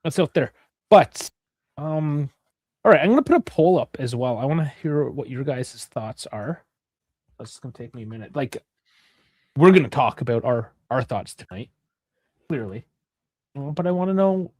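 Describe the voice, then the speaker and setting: A man hosting a casual live-streamed chat show, talkative and quick to laugh. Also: mid-range voice, a little mellow, no echo, clean studio sound. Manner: chatty, laughs often. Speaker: host.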